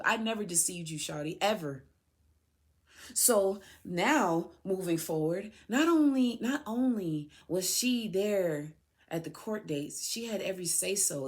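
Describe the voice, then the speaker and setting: A woman speaking in an emotional personal monologue to her son, aggrieved and pleading, repeating herself for emphasis. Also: fairly low pitch. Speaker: podcast host, mother addressing her son.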